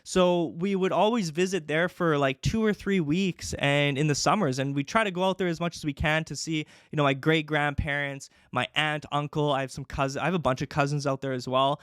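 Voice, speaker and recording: Brief: young Canadian-raised man, casual storyteller, high-ish voice, dry close mic. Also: fairly even intonation, fairly quick, few pauses, fairly bright tone, clear, resonant tone, no room sound. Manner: chatty, many fillers. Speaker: podcast host.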